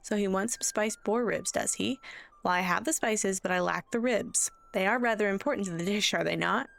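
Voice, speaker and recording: A woman's voice: mid-range voice, normal speed, gravelly, fairly bright tone. A woman voicing a friendly middle-aged hobbit cook who speaks in a chatty, motherly way. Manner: chatty, motherly quest-giver read aloud.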